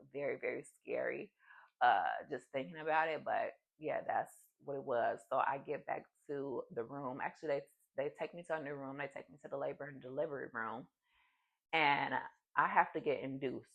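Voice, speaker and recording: A woman's voice: extremely low pitch, gravelly, breathy edge, low-quality recording. A young adult woman vlogger telling a personal story in a casual, chatty way, full of fillers. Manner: chatty, animated, many fillers.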